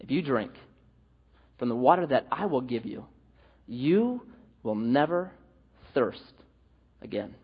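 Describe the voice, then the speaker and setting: Guy doing a hushed solemn teacher voice, slow, echoey dull hall. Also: mid-range voice, animated, breathy edge, pitched below the performer's own voice. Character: calm, solemn male teacher speaking of eternity.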